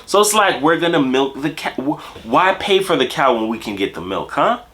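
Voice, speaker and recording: A man from Jamaica telling a casual story in slangy, animated, streetwise talk. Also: on the high side, normal speed. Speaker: host.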